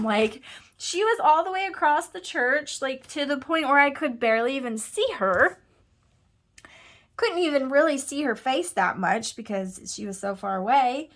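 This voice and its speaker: A woman's voice: sits high, lively intonation, moderate pace, fairly bright tone, slight background noise. A woman in her thirties telling a personal story in a casual, chatty, self-deprecating way, often quoting herself and others. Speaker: host.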